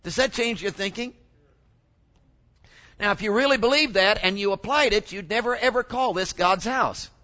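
A man preaching a sermon in an animated way, often exclaiming and asking the congregation questions. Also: sits high, normal speed, highs cut off.

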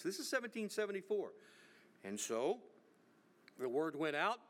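A middle-aged preacher with a fairly high voice delivers a sermon as a story. He often repeats words and restarts his sentences as he goes. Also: big pitch swings, a little slow, pauses often.

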